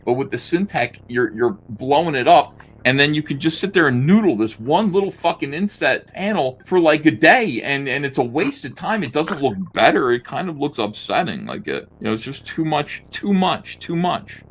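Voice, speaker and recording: This co-host's voice runs on the high side, very animated, at normal speed with hardly any pauses. Drawing at his desk as he flips through a comic, he offers casual, mocking commentary, laughing and swearing often.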